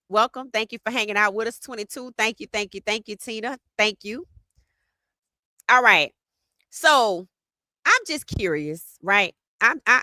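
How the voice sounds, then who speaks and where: A woman hosting a casual live sports podcast, talking in an animated, teasing way and greeting chat viewers by name. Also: fairly low pitch, no echo.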